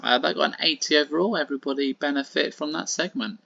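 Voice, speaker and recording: A man's voice: a little high, quick pace, creaky, sharp tone. Casual man narrating a wrestling sim. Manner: casual, with many fillers and "sort of". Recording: dull, lo-fi and dry.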